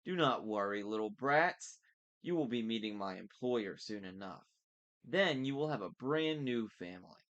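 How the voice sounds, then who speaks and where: A man reading aloud and voicing a menacing, gloating monster posing as a vice principal, speaking slowly and deliberately. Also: fairly low pitch, lively intonation, fairly bright tone, muffled recording. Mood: gloating menace. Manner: slow, deliberate, mocking.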